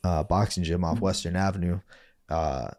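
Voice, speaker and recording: A man's voice: deep voice, moderate pace, noisy background. A man from Saint Paul, Minnesota, telling his story as a podcast guest in a loose, profane way, laughing often and acting out other people's lines. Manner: profane, laughing, acts out quoted voices. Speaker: guest, former fighter.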